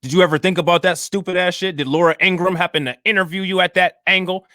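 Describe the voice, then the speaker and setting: A man with a fairly high voice co-hosts a casual commentary show, mocking and cursing freely. His voice sounds dry and close, with no room behind it. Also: fairly even intonation, fast talker, hardly any pauses, sharp tone, no room sound. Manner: profane, mocking. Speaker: co-host.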